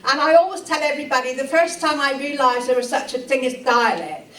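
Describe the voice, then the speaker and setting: High-voiced Cornish woman telling stories. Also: brisk, fairly bright tone. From Cornwall. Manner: chatty, laughing between anecdotes. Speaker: storyteller. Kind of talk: live storytelling. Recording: echoey room, voice from far off, archive footage.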